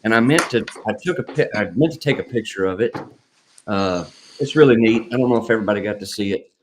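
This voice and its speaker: Low-voiced joking man hosting a live stream. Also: fast, a little hiss or hum. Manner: joking, rambling, reads viewer comments aloud. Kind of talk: casual live stream chat.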